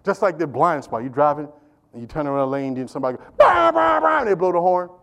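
A middle-aged man preaching a sermon as pastor, animated and repetitive, calling out to the congregation. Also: on the high side, racing. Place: church.

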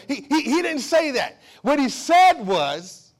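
High-voiced man preaching a sermon. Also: very animated, a little slow, few pauses. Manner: swings between loud exclamations and low hushed asides; repeats and restarts phrases, calls for amen. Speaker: pastor.

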